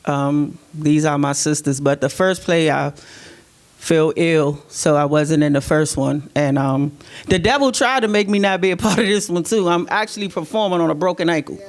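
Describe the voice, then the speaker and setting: A woman's voice: low-pitched, moderate pace. A woman speaking to a live audience from a stage, hyping up the crowd and calling people out. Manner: hyping up the crowd, shouting out names. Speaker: panelist and stage performer. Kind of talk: casual speech to a live audience.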